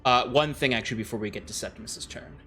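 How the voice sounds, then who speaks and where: A man's voice: mid-range voice, fast talker, pushed and bright, soft background music. A man narrating as game master of a tabletop game, describing the action in a loose, rambling way. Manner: descriptive and loose, with many fillers and restarts.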